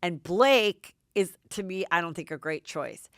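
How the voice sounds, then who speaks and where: Middle-aged woman podcast host, chatty gossip recapper, lowish resonant tone. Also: a little slow, dry recording, studio quality. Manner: chatty, excitable recapping with many "like"s. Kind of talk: casual gossip commentary.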